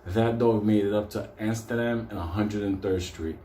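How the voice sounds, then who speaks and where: A man tells a wild story in loose, swear-filled talk, breaking into laughter along the way. His voice is dark and mellow. The sound bounces around a roomy space. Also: fairly low pitch, moderate pace, a little hiss or hum. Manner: profane, laughing, animated. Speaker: host. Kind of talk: casual storytelling. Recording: roomy echo.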